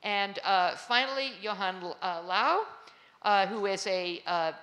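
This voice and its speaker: Bright-voiced woman moderating a panel. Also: mid-range voice, expressive, measured pace, low-quality recording. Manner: chatty, filler-heavy introductions. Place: conference hall with live audience.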